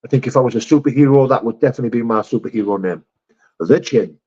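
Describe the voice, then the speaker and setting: A man's voice: mid-range voice, rapid-fire, a little mellow, lo-fi sound. Blunt man chatting. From England. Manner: chatty, blunt, sweary, calls viewers mate and brother. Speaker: livestream host reading chat. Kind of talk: casual live chat.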